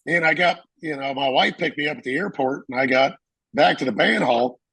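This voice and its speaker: A Marine veteran telling a story in a casual interview, acting out the voices of people in it and laughing often. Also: male voice, a little high, a little fast, creaky, a bit bright, breathy edge, dry recording, rough recording.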